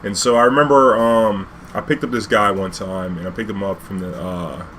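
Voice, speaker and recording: A man tells a loose, rambling story about his cab days, packed with "you know" and casual swearing. His voice sits fairly low. A faint air conditioning hum runs underneath. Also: steady tone, normal speed, fairly bright tone. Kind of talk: casual spoken anecdote.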